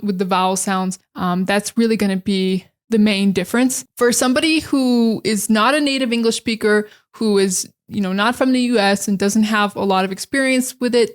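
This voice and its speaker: A young American woman with a standard accent, teaching in a casual, chatty monologue full of fillers and slow explanations. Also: mid-range voice. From Northeastern United States. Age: young adult. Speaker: English teacher.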